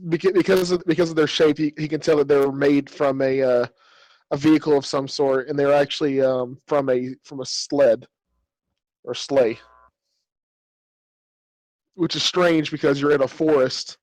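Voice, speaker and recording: A man's voice: on the high side, fairly even intonation, moderate pace, long pauses, a little mellow, no echo, rough recording. A man narrating as game master of a tabletop game, rambling with many fillers and restarts.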